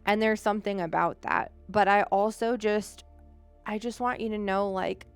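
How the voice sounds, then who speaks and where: Brief: young woman, live psychic reader, choked up, rambling and gentle, smooth voice, faint music behind. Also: medium pitch, moderate pace, no echo. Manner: gentle, emotional, rambling with many fillers. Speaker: psychic medium. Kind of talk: live-streamed reading.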